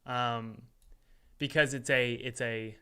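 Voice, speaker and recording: A man casually talking through his game development work at his computer, chatty and thinking out loud with exasperated asides. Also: medium pitch, fairly even intonation, slow, smooth. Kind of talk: casual devlog commentary while working.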